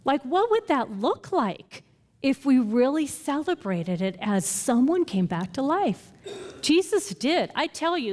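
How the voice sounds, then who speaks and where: A woman's voice: a little high, a little mellow, long reverb tail. A woman leading a Bible study, earnestly teaching and retelling stories with quoted dialogue. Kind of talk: conversational teaching and storytelling.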